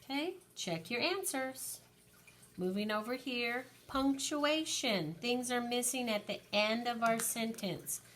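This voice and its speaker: A woman teacher slowly and patiently counting aloud through an early-grade lesson for young children. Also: a little high, lively intonation, a bit bright, slight background noise.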